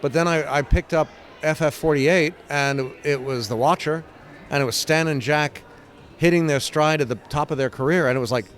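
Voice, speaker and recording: A man's voice: on the high side, normal speed. Older man telling stories animatedly. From England. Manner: animated, acts out scenes with sound effects and quoted voices. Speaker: guest, comic book writer. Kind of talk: casual interview storytelling.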